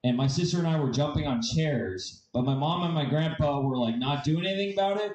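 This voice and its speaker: Brief: male stand-up comic, crude rambling storyteller, voice sits a bit high, roomy sound. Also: brisk, a little mellow. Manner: profane, rambling, self-mocking. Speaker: stand-up comedian. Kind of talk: stand-up comedy.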